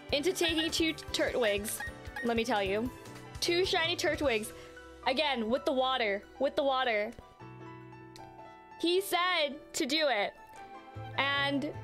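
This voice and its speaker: A woman streaming a video game, chatting casually and telling stories in an animated way, with plenty of fillers and casual swearing. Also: high-pitched. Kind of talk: casual chat while playing a game live.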